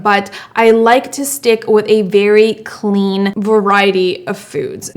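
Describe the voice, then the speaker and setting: Young woman vlogger, chatty, emphatic, mid-pitched everyday voice, casual Q&A. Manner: chatty and emphatic, repeats words for stress. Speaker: beauty vlogger host. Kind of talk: casual Q&A vlog.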